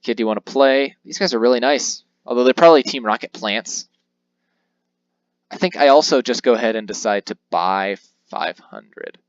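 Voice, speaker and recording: A man's voice: mid-range voice, normal speed, no echo, dull audio. A man giving casual, self-mocking game commentary, rambling with jokey asides. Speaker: let's play commentator.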